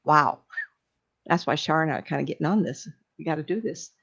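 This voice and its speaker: Older woman, casual and anecdotal delivery, gravelly voice, dull lo-fi sound. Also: deep voice, lively intonation, fairly quick, fairly bright tone. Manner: rambling, anecdotal, laughs often. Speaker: psychic medium giving a talk. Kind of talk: casual talk.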